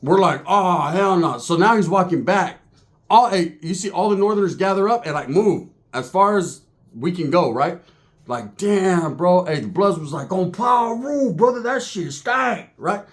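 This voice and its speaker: A man spinning a long, profane yarn, lively and crude, sliding into voices for the people in his tale. His voice sits a little higher than most men's. He is from California. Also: moderate pace. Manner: animated, crude, acts out other people's voices. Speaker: former prisoner telling a story. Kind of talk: profane storytelling monologue.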